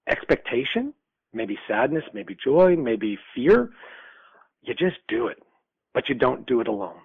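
Gravelly older man on a tinny line. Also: mid-range voice, no room sound. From New York, USA. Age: 60s. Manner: earnest, reflective, reenacts dialogue. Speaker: guest. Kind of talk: personal storytelling. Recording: tinny phone-like line, dry.

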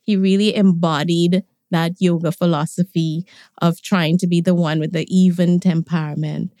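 A woman, a podcast guest, tells stories about her family in a relaxed way and laughs often. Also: on the low side, moderate pace, no room sound, clean studio sound. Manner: warm reminiscing, laughs often. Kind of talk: conversational storytelling.

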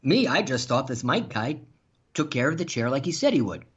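A man telling stories in casual chat, animated and laughing, with some swearing. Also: mid-range voice, fairly quick, husky. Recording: dull lo-fi sound.

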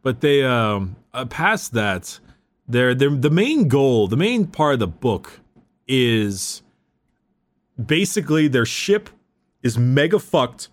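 A young man discussing a book casually, talking in eager quick bursts with some swearing. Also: mid-range voice, sing-song.

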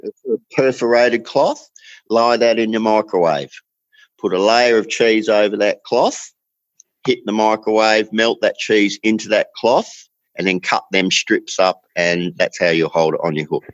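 Rambling Australian man, lowish voice. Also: no echo, muffled recording. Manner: rambling storyteller, drawn-out emphasis. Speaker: fishing guest. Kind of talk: casual chat.

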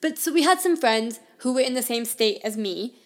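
A woman in her twenties with a fairly high, expressive voice speaks at a moderate pace. As a podcast host, she tells a personal story candidly and conversationally, peppering it with "like" and "I mean."

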